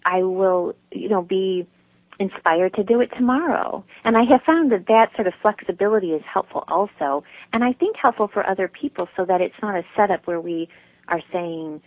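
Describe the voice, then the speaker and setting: A woman's voice: mid-range voice, expressive, normal speed, no room sound. A woman, the author being interviewed, speaking reflectively about her own practice and laughing easily. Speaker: guest author. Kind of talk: casual interview chat. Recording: dry phone line.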